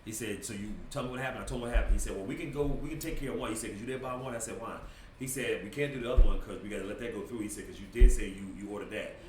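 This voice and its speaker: Talking rapid-fire in a fairly low voice, a man spins an animated story as a podcast guest, voicing other people's quotes and laughing along the way. The recording is roomy with a slightly distant mic, faint ambience, and a little hiss or hum.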